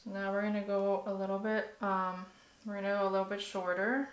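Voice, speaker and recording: A woman's voice: mid-range voice, level tone, brisk, roomy sound. A young woman hosting a casual hair tutorial vlog, talking in a chatty, nervous way with lots of fillers. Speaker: beauty vlogger.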